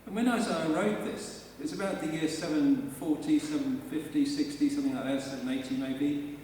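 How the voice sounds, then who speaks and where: A man's voice: a little high, fairly even intonation, normal speed, a little mellow, a little hiss or hum. A man preaching a live sermon in a church, talking conversationally and emphatically and asking the congregation rhetorical questions. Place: large church, indoors. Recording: echoey church hall from far off.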